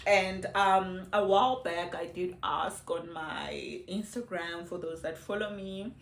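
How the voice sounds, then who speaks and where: South African woman, 30s, unhurried and playful to-camera vlog talk, phone in an echoey room. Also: fairly low pitch, steady tone, creaky. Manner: chatty and playful, laughing often. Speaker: vlogger. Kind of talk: casual chat to camera.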